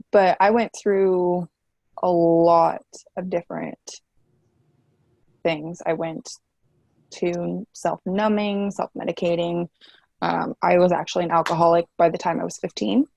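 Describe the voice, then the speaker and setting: A woman's voice: fairly low pitch, steady tone, a little slow, vocal fry, pauses often, darkish tone, no room sound. A woman in her twenties, a guest telling her story candidly in a chatty way, with many fillers. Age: 20s. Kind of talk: casual interview chat.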